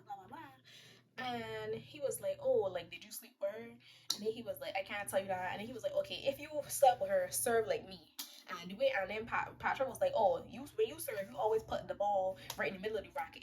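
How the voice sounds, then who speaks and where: A young woman, casually recapping a movie, quoting the characters in quick voices and laughing often. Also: mid-range voice, darkish tone. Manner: chatty, retells scenes in quick quoted voices, laughs often.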